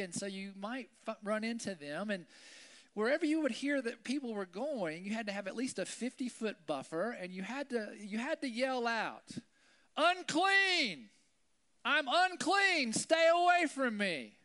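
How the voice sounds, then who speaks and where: A man giving a relaxed Bible lesson, chatting with listeners through rhetorical questions and now and then shouting out quotes with drama. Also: high-pitched, a little fast. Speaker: preacher. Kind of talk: Bible teaching, conversational sermon.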